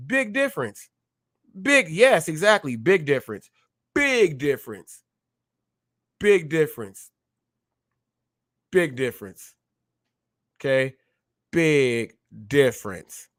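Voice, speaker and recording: A man hosting a live stream, talking in an animated way, often repeating himself and acting out short exchanges. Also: on the high side, takes it slowly, long pauses, dry recording, studio quality. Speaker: show host.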